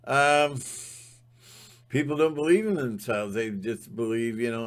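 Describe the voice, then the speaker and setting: Male channel host, fired-up ranting monologue, unhurried but intense. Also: medium pitch, fairly even intonation. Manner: emphatic, fired-up, sometimes shouting.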